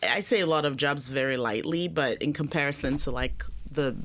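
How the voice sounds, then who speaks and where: A woman from Nigeria, a podcast guest talking in a relaxed, hesitant way with many fillers. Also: low voice, normal speed. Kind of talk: casual interview. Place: studio.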